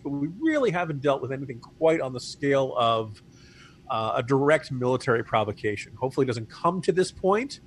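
This man co-hosts a political podcast, and his mid-range voice comes through with slight background noise. He talks about politics casually in a wry, chatty way and laughs at his own jokes.

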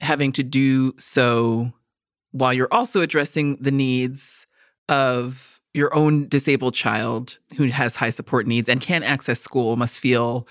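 A woman's voice: a bass voice, fairly even intonation, unhurried, dry recording, studio quality. A woman co-hosting a podcast in casual chat, laughing easily and swearing freely. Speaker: podcast co-host.

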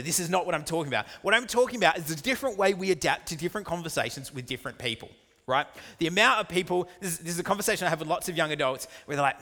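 A man preaching a sermon, animated and jokey, with quick asides and acted-out dialogues. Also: a little high, long reverb tail. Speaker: pastor.

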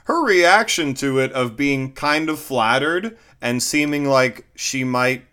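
A man co-hosting a casual movie podcast, adding measured, wry commentary. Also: mid-range voice, sharp tone, smooth. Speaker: podcast co-host. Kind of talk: casual movie review chat.

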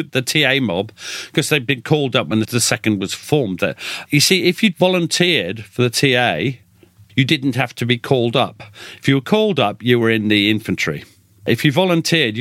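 A middle-aged male historian talks through an interview with a lively, swooping delivery, hammering points home by repeating words. The sound is dry and close, with no room around it. His pitch sits in an ordinary middle register. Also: dry recording. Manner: animated, repeats words for emphasis. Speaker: military historian. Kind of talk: interview, storytelling.

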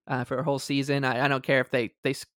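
A man co-hosting a sports podcast, talking in a measured, hesitant way. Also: medium pitch, flat delivery, fairly bright tone, dry recording, clean studio sound. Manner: measured, hesitant, many fillers and restarts. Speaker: podcast co-host. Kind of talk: casual sports talk.

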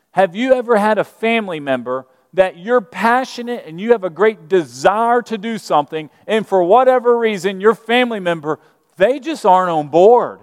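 A man's voice: high-pitched, expressive, normal speed. A middle-aged man from Alabama, preaching a sermon in a conversational way and asking the congregation questions. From Birmingham, Alabama. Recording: reverberant church hall.

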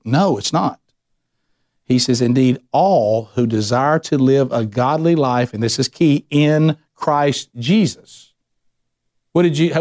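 A man preaching a sermon as a pastor, emphatic and conversational, asking the congregation questions. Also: medium pitch.

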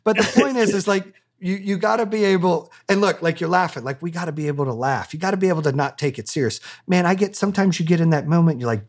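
A man's voice: on the high side, lively intonation, fast talker, hardly any pauses. A man being interviewed as a business owner, talking candidly in a blunt, profane and fired-up way.

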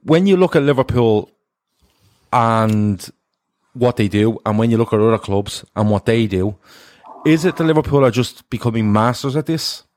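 A man's voice: mid-range voice, lively intonation, moderate pace, darkish tone, dry recording. A man hosting a football podcast, chatting casually and rambling a little as he corrects himself. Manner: rambling, self-correcting, upbeat. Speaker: podcast host.

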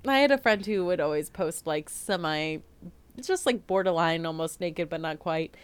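A woman co-hosting a casual chat, playful and quick to laugh, trailing off into "like" and sound effects. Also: lowish voice, animated, smooth. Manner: playful, giggly, scats sounds. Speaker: co-host. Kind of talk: casual chat about art.

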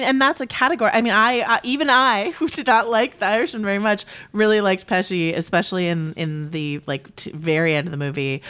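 A woman's voice: lowish voice, a bit bright, smooth. A woman co-hosting a podcast, chatting casually and animatedly about films with laughing asides. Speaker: podcast co-host. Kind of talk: casual film discussion.

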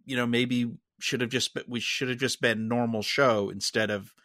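A man discusses a show on a podcast, speaking in a measured way with a bright, forceful edge. His voice is recorded dry and close. He talks casually with a few fillers. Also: medium pitch, fairly even intonation, dry recording. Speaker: podcast co-host.

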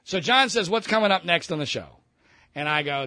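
A man, a radio host, telling a story casually with profanity and animated mimicry. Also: fairly high pitch, normal speed, no echo.

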